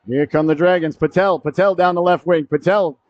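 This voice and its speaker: Excited male hockey play-by-play voice. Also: on the high side, brisk. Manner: jokey asides, rises sharply to shouts on goals. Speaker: play-by-play commentator. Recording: dry, dull lo-fi broadcast audio.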